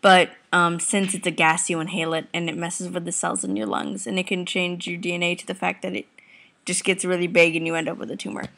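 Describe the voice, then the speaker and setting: A woman's voice: on the low side, flat delivery, fairly quick, vocal fry, a bit bright. Rambling teen girl vlogging from a couch. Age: teens. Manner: rambling, giggly, talks to viewers and family off camera. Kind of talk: casual chatty video reply. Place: lying on a couch at home.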